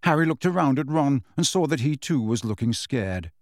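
A man with a mid-range voice narrates an audiobook from a script, reading in an expressive, measured style. It's a dry recording of studio quality.

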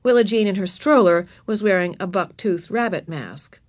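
A woman's voice: medium pitch, moderate pace, darkish tone, no echo. A woman reading a children's chapter book aloud, narrating expressively and voicing the characters.

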